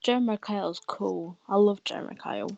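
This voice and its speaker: A woman's voice: mid-range voice, a little fast, vocal fry, a little mellow, dry recording. A woman with a northern English accent chats and teases in a playful, easygoing way. Her voice comes through dull and lo-fi, as if over a weak call. Faint music plays behind her. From northern England, near Manchester. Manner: playful, teasing. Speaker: viewer joining the stream chat. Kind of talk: casual banter.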